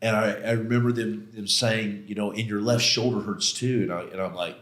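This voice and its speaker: A man's voice: lowish voice, fairly even intonation, fairly quick, a bit bright. Emphatic man telling his story, roomy sound. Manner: emphatic, casual, slangy, re-enacts his own outbursts. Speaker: podcast guest. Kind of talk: personal storytelling in a conversational interview. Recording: roomy echo.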